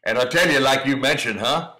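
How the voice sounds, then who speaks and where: A middle-aged man with a mid-range, sharp-toned voice talks a little fast over training video of his cowdogs. As a breeder, he keeps up casual, folksy encouragement, calling the listener son, on a low-quality recording.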